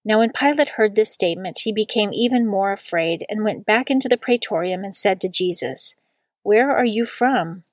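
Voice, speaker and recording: A woman giving a steady, measured scripture reading. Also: medium pitch, no echo.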